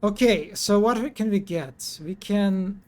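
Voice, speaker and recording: A man's voice: high-pitched, takes it slowly. A man streaming a story game live, chatting casually and hesitantly as he thinks aloud about his choices. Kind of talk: live game playthrough, reading dialogue aloud.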